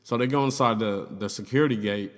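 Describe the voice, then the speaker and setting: A man's voice: fairly low pitch, fast talker. A young man telling a story in casual vlog style, loose and profane, full of "like" and "you know what I'm saying". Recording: long reverb in the room.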